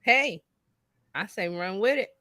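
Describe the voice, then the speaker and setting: Animated woman co-host with a bright voice. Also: measured pace, no echo, studio quality. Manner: animated, big pitch jumps when quoting herself. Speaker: co-host, business coach. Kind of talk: casual live-stream chat.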